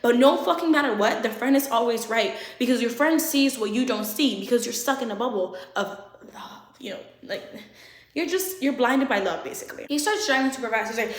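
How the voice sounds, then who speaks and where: High-voiced young woman telling a story. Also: a little fast. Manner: animated, swearing, laughing. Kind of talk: casual story time. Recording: roomy echo.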